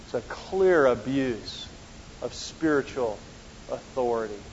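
A man's voice: mid-range voice, lively intonation, slow, slight background noise. A man preaching a Bible study in a conversational way, asking his listeners rhetorical questions. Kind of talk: sermon-style Bible teaching. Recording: dull lo-fi sound with long hall reverb.

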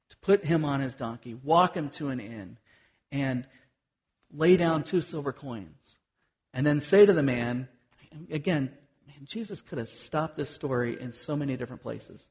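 Husky guy preaching a sermon, earnest and chatty, lots of ums and restarts. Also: medium pitch. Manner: earnest, conversational with many fillers and restarts. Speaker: missionary preacher.

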